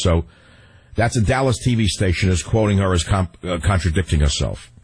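A husky-voiced male talk radio host on a fast, heated rant. He stumbles over his words as he gets worked up and keeps firing questions at his listeners. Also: sits low, expressive, darkish tone, poor audio. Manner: fast, emotional ranting that runs over its words. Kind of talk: political talk radio monologue.

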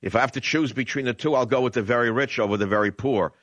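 A fast-talking man with a New York accent hosts talk radio from a studio, brash and chatty, drawing out words to stress his opinions in a monologue. His mid-range voice is a bit bright, captured on a studio condenser mic with no echo but lo-fi sound.

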